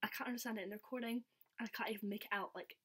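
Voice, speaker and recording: A woman's voice: fairly high pitch, fairly even intonation, rapid-fire, fairly bright tone, slightly rough. A young woman vlogger telling a story in casual chat, giggly and saying "like" a lot. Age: young adult. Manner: chatty, giggly, says "like" a lot.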